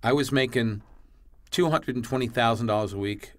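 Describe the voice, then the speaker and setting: Guesting on a podcast, a male comedian tells a story bluntly and with animation, voicing both sides of the dialogue and swearing freely. He has a mid-range voice and talks at a normal speed.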